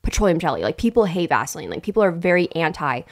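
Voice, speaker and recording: A woman co-hosting a podcast in casual chat, animated and swearing freely as she exaggerates for comic effect. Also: lowish voice, fast talker. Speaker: podcast co-host.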